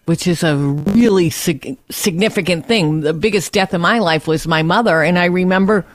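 A woman's voice: fairly low pitch, normal speed, no echo, clean studio sound. A woman hosting a political talk show, delivering emphatic, indignant commentary.

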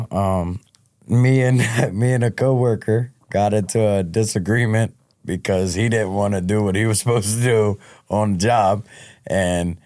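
A man's voice: lowish voice, mellow, no room sound, clean studio sound. A man being interviewed on a podcast, telling his life story in a frank, casual way and often restarting his words. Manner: frank, repeats word starts. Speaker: podcast guest.

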